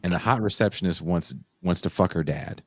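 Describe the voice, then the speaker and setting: A man hosting a podcast, recapping a movie as an excitable storyteller who laughs often and bursts into high exclamations. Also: fairly quick, breathy edge, dry recording, clean studio sound. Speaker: podcast host.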